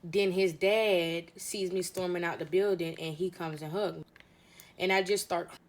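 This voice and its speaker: Young woman telling a story, slightly low voice. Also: steady tone, normal speed. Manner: conversational retelling with quoted dialogue. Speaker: storyteller in clip. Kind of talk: story time narration.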